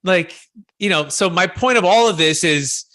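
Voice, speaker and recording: A man hosting a podcast conversation, telling stories in an animated way and acting out the voices he quotes. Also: sits high, normal speed, no echo. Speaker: host.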